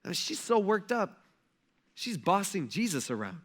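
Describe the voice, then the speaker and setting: A man's voice: high-pitched, normal speed. A male pastor preaching a casual, conversational sermon, telling stories and acting out quotes. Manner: casual, animated storytelling with acted-out quotes.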